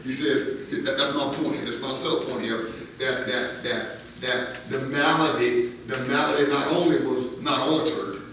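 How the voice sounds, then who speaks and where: A pastor preaching a Bible-study sermon, emphatic and repetitive, stuttering over words as he builds toward near-shouts. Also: medium pitch, steady tone, measured pace, hardly any pauses, slight background noise. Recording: very echoey room, mic far off.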